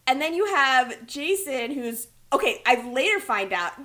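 A woman co-hosting a casual movie review chat, animated and exasperated, laughing often. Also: sits high, unhurried. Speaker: podcast co-host.

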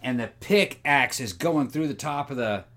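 Man, podcast co-host, easygoing film chat, middle pitch, lots of agreeing. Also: lively intonation, moderate pace, a bit bright. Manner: laid-back, frequent agreeing interjections. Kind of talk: casual film discussion.

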